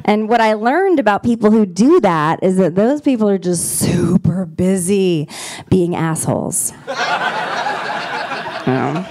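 Deadpan woman comic, lively pitch. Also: measured pace. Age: 40s. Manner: deadpan punchlines with frequent laughs and fillers. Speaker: stand-up comedian. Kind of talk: stand-up comedy set. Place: comedy club stage.

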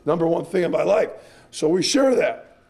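A man's voice: a little high, animated, moderate pace, vocal fry, a little mellow. A man, a strength coach, giving a clinic presentation in an earnest, emphatic, repetitive way.

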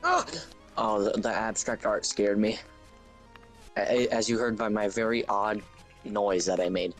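A man's voice: fairly low pitch, flat delivery, normal speed, faint music behind. A young man chatting casually while gaming at home, rambling and breaking into dramatic outbursts. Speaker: gamer.

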